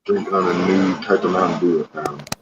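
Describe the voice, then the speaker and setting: A man's voice: deep voice, fairly even intonation, brisk, over a noisy crowd. A man joining a casual livestream, cracking crude jokes in offhand banter. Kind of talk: casual chat. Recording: dull lo-fi mic with background noise.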